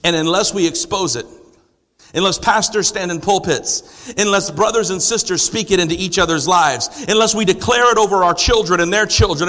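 A man's voice: sits high, moderate pace, sharp tone. A man preaching a sermon to a congregation, asking rhetorical questions and building to emphatic declarations. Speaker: pastor. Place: church sanctuary. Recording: long hall reverb.

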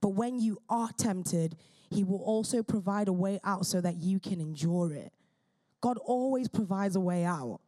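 A woman's voice: mid-range voice, mellow. A woman preaching a sermon in an earnest, fervent way, often restarting her phrases.

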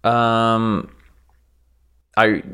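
A man's voice: fairly low pitch, monotone, very slow, a bit bright, clear, resonant tone. A man co-hosting a podcast, talking in loose, rambling casual chat with lots of fillers and casual swearing. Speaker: podcast co-host.

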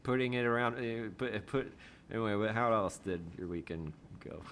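A man's voice: on the low side, normal speed, a bit bright, a little hiss or hum. A man co-hosting a podcast in casual, profane chat, laid-back and joking. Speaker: podcast co-host.

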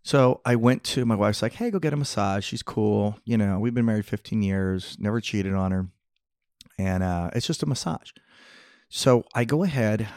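A man's voice: on the low side, a little mellow, no echo, clean studio sound. A middle-aged man hosting a podcast, telling long rambling jokey stories in casual chat. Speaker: podcast host. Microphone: podcast mic, close.

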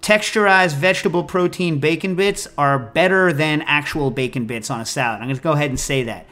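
A man hosting a food call-in show, chatting casually and answering listener questions in an opinionated, animated, digressive way. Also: on the high side, fairly quick, hardly any pauses.

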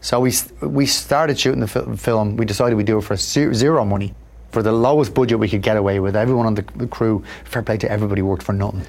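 A man with a lowish voice tells stories from his life as an interview guest. He talks in a reflective, conversational way and gives the people he quotes lively voices of their own. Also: fast talker, creaky, few pauses. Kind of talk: candid conversational storytelling.

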